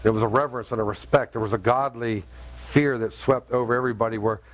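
A man's voice: medium pitch, fairly even intonation, quick pace. A middle-aged man preaching a sermon, telling stories with humor and punchy sound effects. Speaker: pastor.

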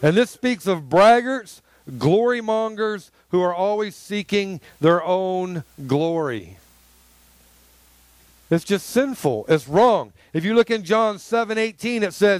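A male pastor preaching a sermon in an emphatic, conversational way with sudden loud bursts. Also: high-pitched, animated, takes it slowly, no echo.

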